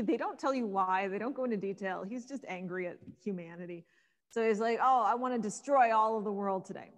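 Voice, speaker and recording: A woman Egyptologist giving a casual spoken talk, retelling myths with lively acted-out dialogue for the gods. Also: medium pitch, big-room sound. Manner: lively storyteller acting out the gods' lines. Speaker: Egyptologist guest speaker.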